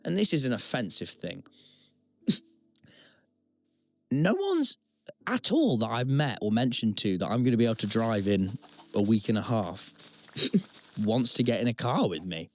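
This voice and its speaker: This podcast co-host is a young man with a medium-pitched voice, very animated yet a bit slow, with long pauses. He tells stories in a rambling, self-deprecating way during casual chat, punctuated by dramatic outbursts.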